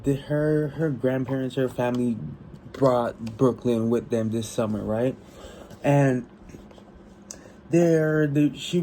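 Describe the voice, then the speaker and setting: Man, tired, rambling book chat, excitable, mellow tone, slow delivery. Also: mid-range voice, a little hiss or hum, rough recording. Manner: rambling, excitable, lots of restarts and profanity. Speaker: book vlogger. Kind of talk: casual chat about a book.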